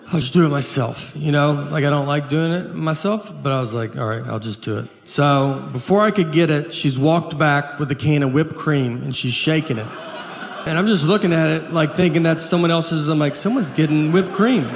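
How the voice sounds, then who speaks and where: Deadpan man telling stand-up stories. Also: fairly high pitch. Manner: slow deadpan storytelling with drawled fillers. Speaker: stand-up comedian. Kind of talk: stand-up comedy routine. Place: comedy stage before a laughing audience. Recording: live show with audience noise.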